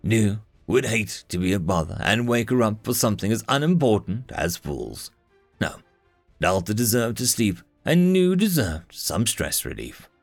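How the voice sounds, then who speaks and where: A man narrating a fantasy novel as an audiobook, in an expressive storytelling reading. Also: on the low side, normal speed, faint music behind.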